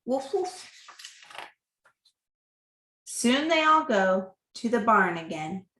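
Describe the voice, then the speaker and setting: A woman reading picture books aloud to a child, slow and animated, with animal sounds. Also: mid-range voice. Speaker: reader to a child. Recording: echoey room.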